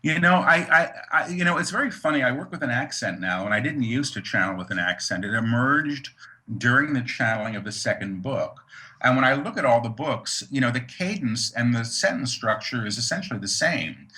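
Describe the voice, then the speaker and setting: A man's voice: medium pitch, animated, a little fast, pushed and bright. A man speaking as an interview guest, talking about his work in an earnest, reflective way, with frequent restarts and "you know"s. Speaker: guest, author and medium. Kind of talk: conversational interview.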